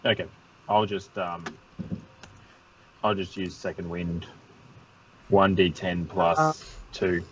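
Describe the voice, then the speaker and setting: A man's voice: low-pitched, steady tone, takes it slowly, long pauses, poor audio. A man playing a tabletop game, joking and bantering as he talks through his turn. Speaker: player. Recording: loud background noise.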